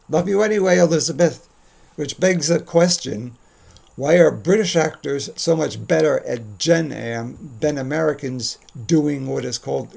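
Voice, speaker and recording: A man's voice: mid-range voice, vocal fry, a little mellow. A man hosting a scripted commentary monologue, delivered in a dry, wry, opinionated way. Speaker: commentary host.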